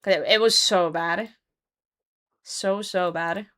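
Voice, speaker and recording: A woman's voice: fairly low pitch, fairly even intonation, takes it slowly, fairly bright tone. Chatty young woman streaming a game. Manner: chatty, swearing, laughing often. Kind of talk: casual chat while gaming.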